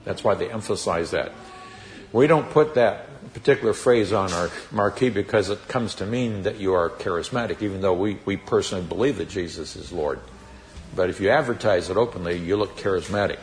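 A man giving a Bible teaching sermon, reading scripture emphatically and explaining it deliberately with occasional fillers. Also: sits low, a little hiss or hum.

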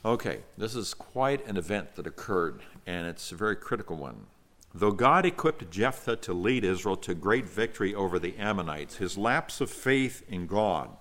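A man's voice: deep voice, fairly bright tone. A man reading scripture aloud and then explaining it verse by verse in an earnest, teaching manner. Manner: earnest, explanatory, with fillers and restarts. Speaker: Bible teacher.

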